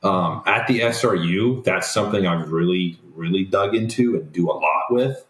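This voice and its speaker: A young man with a very low voice speaks reflectively and at an easy pace, filling pauses with ums. He is on a remote call, and the audio sounds roomy. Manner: relaxed, reflective, many ums. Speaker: guest. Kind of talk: casual interview talk.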